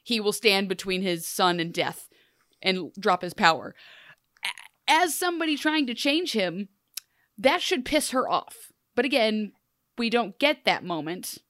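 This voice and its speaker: A woman co-hosting a casual TV recap, animated and self-deprecating. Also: mid-range voice, unhurried, no room sound, studio quality. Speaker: podcast co-host.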